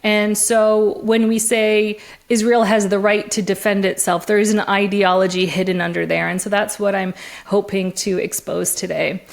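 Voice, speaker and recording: A woman guest in a conversational interview, talking in an animated way with frequent laughs and restarts. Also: mid-range voice, normal speed, vocal fry. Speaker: interview guest, discourse analyst.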